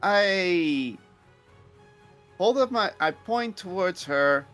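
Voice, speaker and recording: A man's voice: sits high, lively intonation, drawn-out words, a bit bright. A man playing a tabletop game, hesitant and thinking aloud as he decides his character's moves. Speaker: player. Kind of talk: casual tabletop play. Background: faint music.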